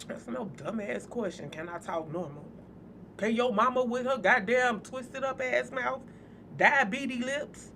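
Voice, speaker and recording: A woman's voice: a little high, measured pace, creaky, pushed and bright, slight background noise. A woman hosting a spiritual channel, talking casually and bluntly to her viewers, joking and cursing freely. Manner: blunt, profane, joking, speaks straight to viewers.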